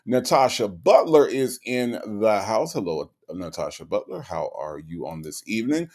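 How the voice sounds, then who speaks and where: Laid-back low-voiced man greeting his chat. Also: very animated, moderate pace. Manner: laid-back, greets viewers one by one, swings between low mumbles and loud outbursts. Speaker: livestream host. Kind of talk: casual livestream chat reading viewer comments.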